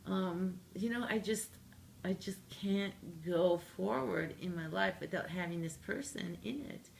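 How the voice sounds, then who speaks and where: Canadian woman in her 40s, kinda gravelly and lowish, jokey storyteller in an interview. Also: unhurried, slight background noise. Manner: animated, jokey, acts out her own lines. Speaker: interview guest, singer-songwriter.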